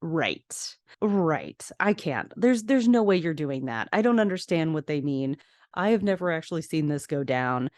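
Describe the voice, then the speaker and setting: A woman hosting a podcast, casually recapping a TV episode in a chatty, expressive way, mixing plot narration with her own opinions. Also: deep voice, normal speed, dry recording, clean studio sound. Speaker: podcast host. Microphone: podcast microphone.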